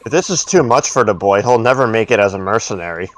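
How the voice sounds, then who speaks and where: A man's voice: on the low side, expressive, fast talker, close to an everyday voice. A man reading the lines of a stern middle-aged mercenary leader and father from a game, in a commanding way.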